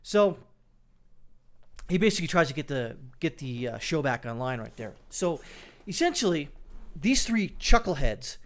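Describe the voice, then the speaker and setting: A man's voice: on the high side, sing-song, moderate pace, a bit bright. A man hosting political commentary, reacting to news clips with sarcastic, scornful remarks and thinking aloud with fillers.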